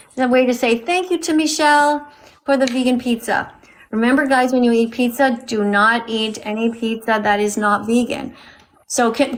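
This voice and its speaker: High-voiced woman hosting a live stream. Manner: scolding, talks to viewers directly. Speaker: livestream host.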